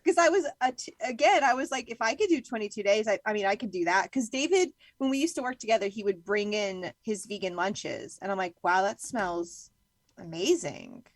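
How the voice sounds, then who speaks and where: A woman's voice: mid-range voice, animated, a little fast, hardly any pauses. A woman hosts a casual podcast and chats easily, trading short affirmations and her own story. Her voice sits mid-range, and the recording is dry with no room echo. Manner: chatty and agreeable, with frequent small affirmations and laughs. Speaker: podcast host.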